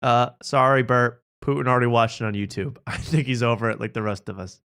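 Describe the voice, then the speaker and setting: A man's voice: mid-range voice, fairly even intonation, a little fast, fairly bright tone, clean tone. A man hosting a comedy podcast, reacting to talk show clips with sarcastic jokes and frequent laughter. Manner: sarcastic, jokey, laughing often. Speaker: podcast host.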